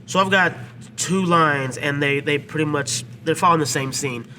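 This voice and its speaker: Man, podcast co-host, bright and slightly high voice, casual movie recap, faint hiss behind. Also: normal speed. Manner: retells scenes with quoted lines. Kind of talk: casual film discussion.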